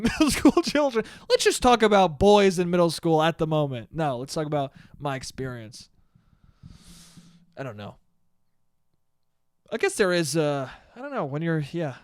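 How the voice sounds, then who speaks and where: A man's voice: a little high, clean tone, no echo, clean studio sound. A young man hosting a solo podcast, rambling casually and swearing, with self-deprecating bursts of laughter. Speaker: podcast host.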